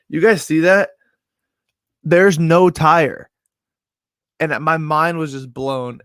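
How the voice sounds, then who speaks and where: A young man tells a long, rambling story as a sports betting host, filling his talk with "like" and "yo". His voice sits at an ordinary middle pitch. The sound is dry and close, with no room around it. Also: no room sound. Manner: rambling, animated storyteller full of "like". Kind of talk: casual storytelling recap.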